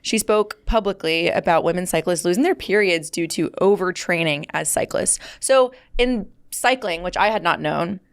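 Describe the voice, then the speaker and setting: A young woman co-hosting a sports podcast, playful and quick to laugh at herself. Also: on the low side, clear, resonant tone. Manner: playful, giggly, self-deprecating. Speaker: podcast co-host. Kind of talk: casual sports chat.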